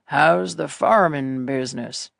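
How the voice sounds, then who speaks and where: A woman reading an audiobook, voicing a friendly male cattle rancher with a Texan accent, folksy and slow-drawling. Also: sits low, creaky, no room sound, studio quality, pitched below the performer's own voice, heavily acted. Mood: easygoing. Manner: folksy, drawling, laid-back.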